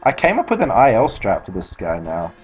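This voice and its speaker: Aussie guy streaming a speedrun, kinda low voice, rambles and swears and laughs at himself. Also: wildly swooping pitch, brisk, breathy edge, muffled recording, soft background music. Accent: Australian. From Australia. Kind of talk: casual commentary while playing.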